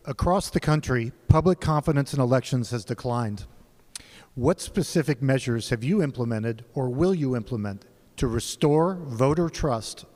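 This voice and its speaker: A man moderating a live debate, reading questions in a measured, formal manner. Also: medium pitch, a little mellow. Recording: long hall reverb on a live event mic.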